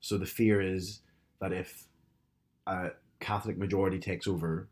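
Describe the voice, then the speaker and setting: A young man with a Northern Irish accent talks in a relaxed podcast chat. His voice sits fairly low, and he explains things at length, stopping and restarting as he goes. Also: normal speed. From Northern Ireland. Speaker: podcast co-host. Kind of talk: casual chat.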